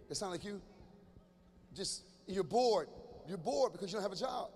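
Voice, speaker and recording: A middle-aged man performing stand-up comedy at a live show in a large church venue, talking straight to the crowd in an animated way and now and then breaking into shouts. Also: high-pitched, moderate pace, long pauses. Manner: animated, addresses the audience directly, breaks into shouts. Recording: echoey hall with faint ambience.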